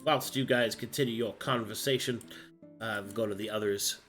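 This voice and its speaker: A man's voice: lowish voice, steady tone, moderate pace, a bit bright, faint music behind. A man running a tabletop role-playing game as game master, joking and playful with the players.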